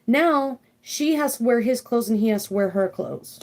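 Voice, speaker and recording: A young woman with a somewhat high-pitched voice leads a live tarot card reading. She rambles from card to card in an excitable rush, often throwing in "freaking" and checking in with listeners by asking "okay?". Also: normal speed. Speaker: tarot reader.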